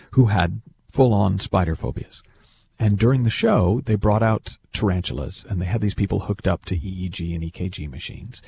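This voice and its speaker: A man telling a story in a relaxed, animated way, often repeating words as he thinks aloud. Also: low voice, gravelly, slight background noise. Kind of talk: casual storytelling talk.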